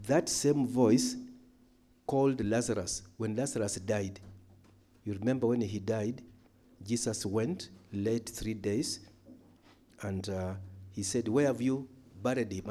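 A man teaching a Bible study in a church hall, emphatic, moving between loud calls and quiet asides. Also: lowish voice. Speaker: pastor.

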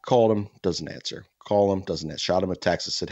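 A man's voice: deep voice, brisk, a little mellow, dry recording, dull audio. A man hosting a podcast, telling long, profane, rambling stories full of restarts and asides. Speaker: podcast host. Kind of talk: casual podcast chat.

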